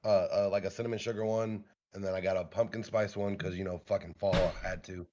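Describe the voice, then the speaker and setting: A man's voice: sits low, steady tone, quick pace. A man with a congested, sick voice, telling a story in casual chat and swearing freely. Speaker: podcast co-host. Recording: dull lo-fi mic with clear noise.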